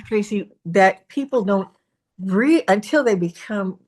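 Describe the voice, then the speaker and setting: Woman host, conversational, very lively pitch movement. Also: measured pace. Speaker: interview host. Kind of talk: casual interview conversation.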